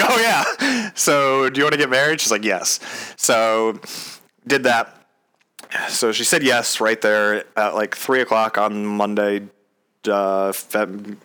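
A man's voice: on the low side, sharp tone. A young man casually telling a story, swearing freely and acting out both sides of a past conversation. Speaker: storyteller recounting his proposal.

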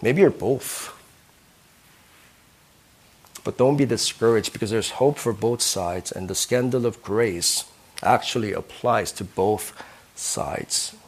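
A man's voice: fairly low pitch, a little slow. A man preaching a sermon as a pastor, earnest, who keeps asking his listeners questions and ending points with "right?".

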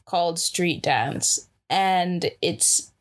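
A woman in relaxed conversation whose voice swings widely up and down. She talks at an unhurried pace and gives her opinions bluntly, laughing often. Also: lowish voice. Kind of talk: casual chat.

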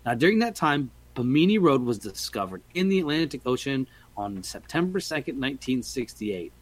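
A man's voice: medium pitch, very animated, normal speed. A man hosting a casual podcast, talking in a playful, jokey and rambling way. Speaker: podcast host. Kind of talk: casual chat.

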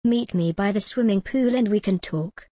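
Calm formal jinn spirit in a storybook, as a woman reads it, steady and dry. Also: mid-range voice, moderate pace, no echo, lightly acted. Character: calm commanding jinn spirit, sometimes in male form.

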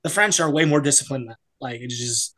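Brisk and sharp-toned, a young man from the United States, currently in the Foreign Legion, guests on a laid-back podcast. He speaks in a mid-range voice, blunt and profane, wandering off with plenty of fillers, on a low-quality recording.

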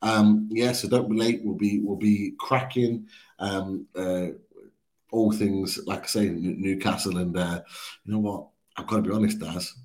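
Geordie guy on a fan podcast, lowish voice, upbeat, says um a lot. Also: steady tone, unhurried, darkish tone. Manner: upbeat, opinionated, with many ums and repeats. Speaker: podcast co-host. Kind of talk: casual fan-show chat.

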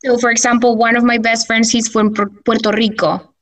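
A woman's voice: on the high side, level tone, brisk, far from the mic, poor audio. A woman whose first language is Spanish, chatting as an interview guest in English, full of fillers. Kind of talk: casual conversational interview.

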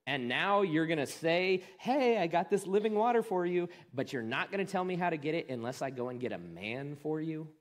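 An exasperated, disbelieving Samaritan woman at a well speaks in a high voice with wide swings of pitch, voiced by a man telling the story. She fires off incredulous, pleading questions. The voice stays close to his own everyday speech. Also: lively intonation, brisk, few pauses, lightly acted. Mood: bitter.

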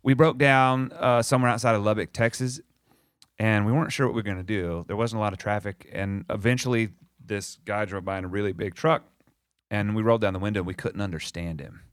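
A man's voice: fairly low pitch, fairly even intonation, a little fast, dry recording, clean studio sound. A male musician guest telling a casual tour anecdote, laid back and full of fillers. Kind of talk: casual storytelling.

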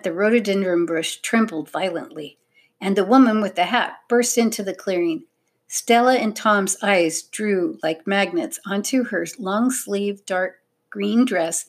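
A woman narrating a children's story in a clear, measured, expressive reading. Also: mid-range voice.

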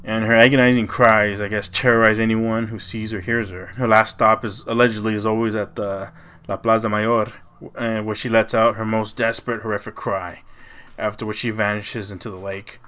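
Male podcast co-host with a lowish voice, who tells a legend in loose, casual chat. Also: little pitch movement, normal speed, fairly bright tone, clear, resonant tone. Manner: loose and profane, retelling a legend with frequent "you know" and "like".

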